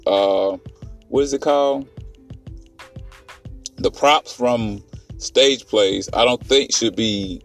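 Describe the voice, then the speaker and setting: Lowish guy ranting loosely about a movie, swears a lot, tons of "like" and "uh", sits back from the mic. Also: far from the mic. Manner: rambling, profane, animated retelling with many fillers. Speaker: podcast host reviewing a film. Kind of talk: casual movie recap.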